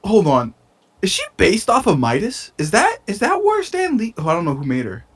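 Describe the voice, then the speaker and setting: Young male podcast co-host, slightly high, animated, rambling casual chat. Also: moderate pace, slightly rough. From United States. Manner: excitable, rambling, swears a lot. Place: bedroom.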